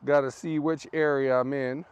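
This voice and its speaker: Braving freezing wind and snow, a man hosts a casual live vlog, chatting and laughing with his viewers before a tripod-mounted camera. He speaks at normal speed in a smooth, medium-pitched voice with a steady tone, and the recording is dry.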